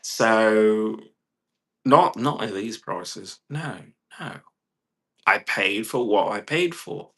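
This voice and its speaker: A man's voice: on the low side, expressive, drawn-out words, fairly bright tone. A man vlogging an emphatic, profane rant, repeating himself and swearing often. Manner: emphatic, repetitive, heavy swearing. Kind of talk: profane ranting monologue.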